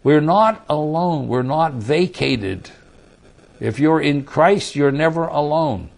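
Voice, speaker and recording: Gravelly man preaching a sermon. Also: a little high, lively intonation, slow. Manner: emphatic, rising to loud scripture readings.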